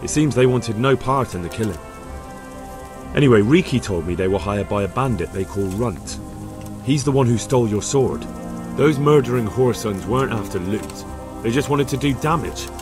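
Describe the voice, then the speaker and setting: An actor playing an earnest young commoner in a medieval video game, polite and plain-spoken. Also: male voice, mid-range voice, expressive, moderate pace, over music, lightly acted.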